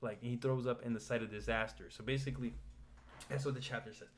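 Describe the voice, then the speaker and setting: A man's voice: medium pitch, fast talker. A man casually recapping manga chapters, rambling with restarts and loose paraphrase. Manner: rambling, restarts, paraphrases characters in a flat retelling. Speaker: manga commentator.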